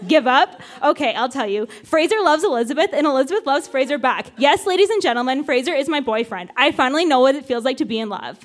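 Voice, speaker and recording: A woman with a high voice reads entries from her old teenage diary to a live crowd. Her delivery is wry and playful, leaning into each line for comic effect. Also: animated, quick pace, hardly any pauses. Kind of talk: reading old diary entries aloud on stage. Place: live show with audience laughter.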